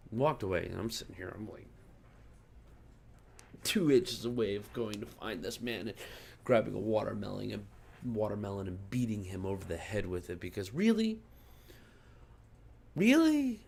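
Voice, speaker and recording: Angry guy venting to his camera, deep rough voice, cussing a lot. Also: fairly even intonation, normal speed, darkish tone, slight background noise. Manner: heated, profane storytelling. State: still angry and fuming. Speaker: gaming channel host. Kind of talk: casual ranting vlog.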